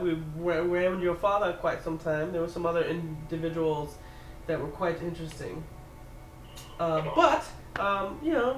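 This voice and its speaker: A man playing a protective, jovial male innkeeper who talks in halting bits full of fillers. His voice sits a touch high and rings in an echoey room. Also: slight background noise, natural voice. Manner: hesitant with many fillers, bursts into loud cheer.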